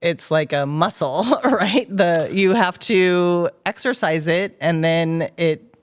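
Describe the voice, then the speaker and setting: A woman with a lowish voice hosts a podcast conversation. She answers her guest with encouragement and asks searching follow-up questions in a relaxed interview manner. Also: takes it slowly, smooth. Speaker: podcast host. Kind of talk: interview chat.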